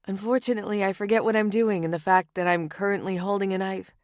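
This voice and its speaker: A woman's voice: mid-range voice, fairly even intonation, quick pace, no room sound, clean studio sound. A woman narrating a romance audiobook in the first person, wry and conversational.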